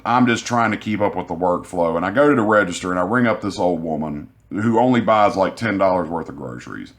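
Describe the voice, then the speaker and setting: Frustrated, swearing man. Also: fairly low pitch. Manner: frustrated, profane, rambling retelling. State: sick, sore throat. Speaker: grocery store cashier. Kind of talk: vlog storytelling.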